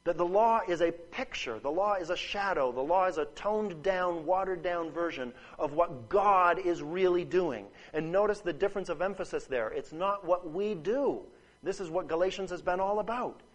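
A man with a high voice delivers a sermon, earnest and emphatic. He presses his points through repeated phrases and keeps checking in with his listeners. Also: normal speed, poor audio. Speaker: preacher.

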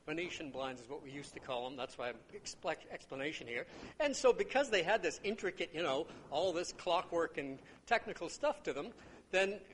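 An older man preaches in a relaxed, conversational way. His voice sits high for a man and swings widely up and down as he tells stories and acts out little quotes. A faint hum of room ambience sits under him. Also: moderate pace. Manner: conversational storytelling with acted-out quotes. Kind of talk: sermon teaching on a parable.

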